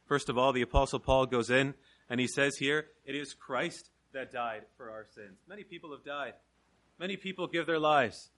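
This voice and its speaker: A young man from Canada preaches with a bright, forceful tone pitched a little above the usual. He swings between hushed, drawn-out emphasis and loud, driving proclamation. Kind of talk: evangelistic sermon.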